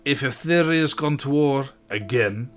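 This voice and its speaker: A gruff, wary dwarf with a Scottish accent, put on by a man at the game table, answering in short, dismissive, old-fashioned phrases. His voice sits in a middling register. Faint guitar music plays in the background. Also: mid-range voice, moderate pace, close to an everyday voice. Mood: curt, suspicious. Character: gruff, suspicious male dwarf worker. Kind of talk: improvised tabletop role-play.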